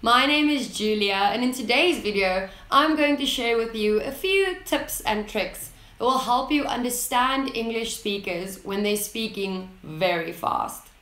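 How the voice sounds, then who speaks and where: Clear-spoken woman teacher in a roomy space. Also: fairly high pitch, lively intonation, fairly bright tone. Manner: clear, deliberate, stressing key words. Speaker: English teacher, channel host. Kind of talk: scripted lesson to camera. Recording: roomy echo.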